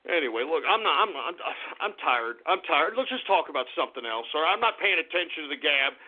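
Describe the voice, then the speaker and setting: Male radio host on an angry repetitive rant; high, raspy-edged voice; lo-fi phone-quality recording. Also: expressive, fast. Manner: angry, ranting, swearing, repeating himself. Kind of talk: live talk radio rant.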